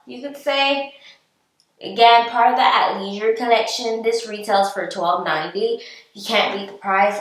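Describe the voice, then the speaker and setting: A bubbly woman vlogger talks through a clothes try-on haul, unhurried and chatty, often laughing and repeating herself. Her voice sits a bit back from the mic and rings around a very echoey room. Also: medium pitch, pushed and bright, recorded from a distance. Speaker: fashion vlogger. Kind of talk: casual try-on haul chat.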